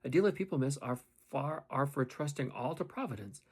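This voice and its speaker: A man's voice: mid-range voice, a little fast, breathy edge, close to an everyday voice. A man reading an audiobook, voicing a composed, secretive middle-aged woman servant who talks coolly and politely. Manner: calm, even, coolly polite. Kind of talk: audiobook character voice.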